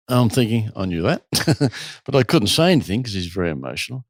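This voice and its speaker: Guy running a retreat telling a big story, mid pitch, acts out voices. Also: brisk, dry recording. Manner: animated storyteller, acts out quotes. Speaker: retreat host. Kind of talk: storytelling in an interview.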